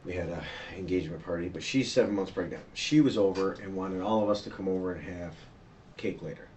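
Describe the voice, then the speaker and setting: A man's voice: sits low, a little fast, a little mellow, slight background noise. A middle-aged man recounting events to a detective in a police interview, in a tumbling, repetitive way with many restarts. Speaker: witness being questioned by police.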